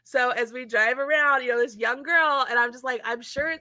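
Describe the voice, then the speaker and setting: A woman's voice: high-pitched, normal speed, no room sound. A woman in her forties, host of a casual chat, telling a family story and acting out what everyone said. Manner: animated storyteller acting out quotes.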